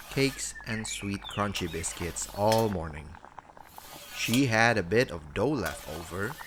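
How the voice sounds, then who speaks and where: Low-voiced guy reading a bedtime story, slow and really expressive, pitch swoops all over.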